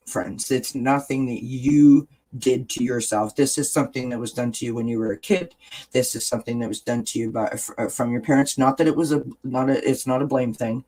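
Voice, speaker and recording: A man's voice: medium pitch, darkish tone, breathy edge, poor audio. A man hosting a casual wellness chat, talking straight to his viewers in an earnest, encouraging way and repeating key phrases. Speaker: host.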